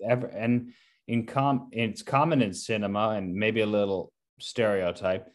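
A man in casual film discussion, animated and acting out quotes from scenes. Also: fairly low pitch, moderate pace. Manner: animated, acts out movie quotes. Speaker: co-host discussing films.

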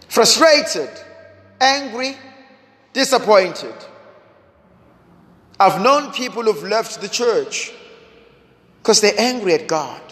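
A man preaching a sermon, slow and dramatic, building through repeated rhetorical questions. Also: very high voice, a bit bright. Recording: long hall reverb.

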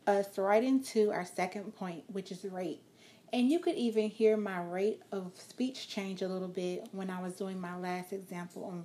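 A woman giving a spoken lesson on vocal expression, talking calmly and encouragingly and changing her loudness and pace to show examples. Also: mid-range voice, a little hiss or hum. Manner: calm, encouraging, shifts loudness and pace to demonstrate. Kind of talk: instructional talk.

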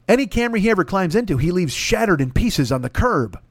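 Brief: male podcast host, fairly high voice, rambling profane storyteller, close dry mic. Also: very animated, brisk, no room sound. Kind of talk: comedic storytelling.

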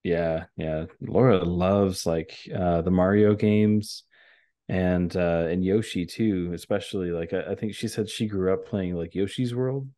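A man co-hosting a podcast, talking in a laid-back, halting way with lots of fillers. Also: deep voice, fairly even intonation, mellow. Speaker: podcast co-host. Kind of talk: casual chat.

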